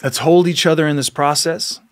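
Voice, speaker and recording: A man's voice: on the high side, steady tone, normal speed. A man hosting a podcast, giving an earnest, exhorting motivational monologue, often repeating himself and laughing between lines. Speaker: podcast host.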